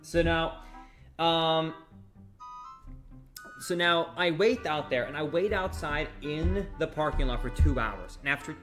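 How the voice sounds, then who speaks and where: A man's voice: on the high side, a little slow, pauses often, soft background music. Man telling a story to his chat. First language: not English. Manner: animated, quotes others in acted voices. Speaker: streamer.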